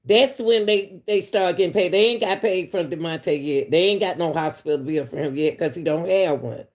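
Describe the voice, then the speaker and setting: A woman's voice: lowish voice, normal speed. Chatty woman commentary host. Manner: talks straight to viewers, chatty, chuckles between points. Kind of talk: casual commentary.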